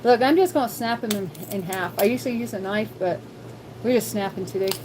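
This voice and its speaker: A woman's voice: mid-range voice, a little fast, noisy background. A woman hosting a casual cooking livestream from her home kitchen, chatty and thinking aloud as she talks to viewers. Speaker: livestream host.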